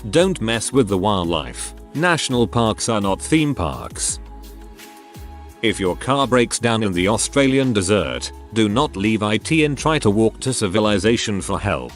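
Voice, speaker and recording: A man narrating a series of online forum posts in a wry, deadpan way. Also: fairly low pitch, a little slow, faint music behind. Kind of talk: scripted narration.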